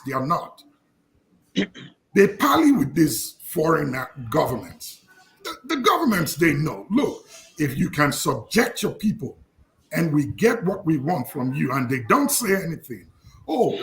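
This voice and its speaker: A man's voice: high-pitched, fairly bright tone. A man with a Nigerian accent, talking about politics and telling a story with quoted dialogue. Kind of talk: political discussion.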